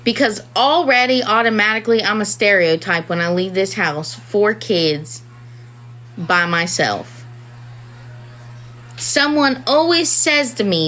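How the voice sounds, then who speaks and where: A woman's voice: mid-range voice, slow pace, a bit bright, poor audio. A woman, a mother of four, talking candidly and ramblingly in a casual personal talk to camera. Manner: candid and rambling, many "you know"s.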